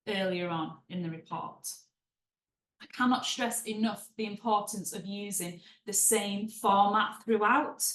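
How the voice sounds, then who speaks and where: Chatty woman teaching in an echoey room. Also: fairly high pitch. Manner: conversational, with chatty asides. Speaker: writing trainer and proofreader. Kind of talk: webinar teaching.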